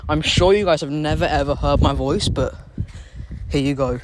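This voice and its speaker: A British man with a slightly high voice chats at a moderate pace on a live stream, phone in hand outdoors on a street, with noise behind him. Answering viewers casually, he rambles, says the same phrases over, and leans on fillers and restarts.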